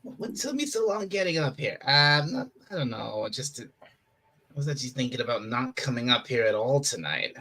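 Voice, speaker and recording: A person from England chatting casually on a podcast, talking haltingly with many restarts. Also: medium pitch, lively intonation, sharp tone. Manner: hesitant, halting. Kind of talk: casual chat.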